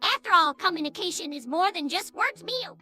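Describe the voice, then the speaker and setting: An AI doing a high, sensible cartoon squirrel woman. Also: lively intonation, fairly quick, bright, forceful tone, soft background music, exaggerated voice. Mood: coaxing. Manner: reasonable, coaxing. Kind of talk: AI voice imitation of a cartoon.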